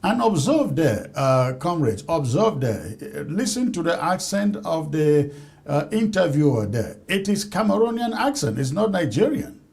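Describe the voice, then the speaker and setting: A man's voice: fairly high pitch, very animated, moderate pace, creaky, a little mellow. A man hosting a TV news panel, speaking hesitantly with frequent uh fillers. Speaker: TV news host. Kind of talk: live TV panel discussion.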